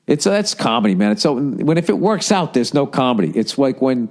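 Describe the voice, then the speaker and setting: A man's voice: mid-range voice, big pitch swings, a little fast, a little mellow. A middle-aged man, hosting a podcast in a casual, profane, exasperated monologue that rambles between thoughts. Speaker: podcast host.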